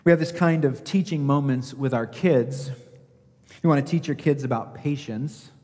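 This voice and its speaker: A man's voice: medium pitch, normal speed, darkish tone. A male pastor delivers a sermon with emphasis, pressing rhetorical questions on his congregation and acting out the lines of scripture. His mid-range voice carries a long reverb from a large sanctuary.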